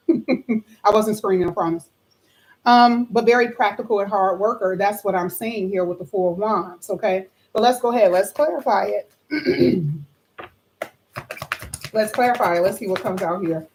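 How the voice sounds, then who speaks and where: Excited tarot-reading woman, a bit hoarse. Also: medium pitch, moderate pace, long pauses, rough recording. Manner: animated, excited exclamations, chatty asides to viewers. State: slightly hoarse. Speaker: tarot reader.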